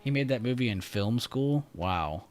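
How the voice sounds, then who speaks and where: A man's voice: mid-range voice, animated, normal speed. A young man hosting a livestream, chatting casually and laughing easily in a laid-back, slangy way. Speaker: trading livestream host.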